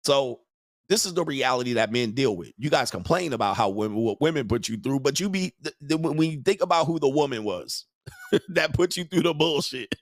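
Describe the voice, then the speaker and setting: A man hosts a livestream rant in a crude, mocking way and breaks into laughter often. His voice sits at an ordinary middle pitch. The sound is dry and close, with no room echo. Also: lively intonation, brisk. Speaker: show host.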